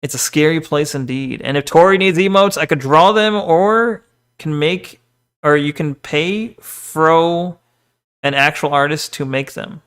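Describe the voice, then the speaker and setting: A young man with a voice on the high side, a measured pace, and a bright, clean tone is a VTuber streamer casually chatting while reading his stream chat. He's jokey and self-deprecating, swearing and laughing often.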